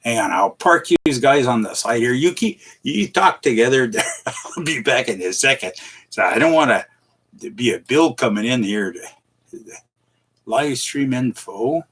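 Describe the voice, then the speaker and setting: A middle-aged man hosting a casual livestream, rambling and chuckling between halting restarts as he greets his viewers. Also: medium pitch, expressive, a bit bright, husky. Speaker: live streamer.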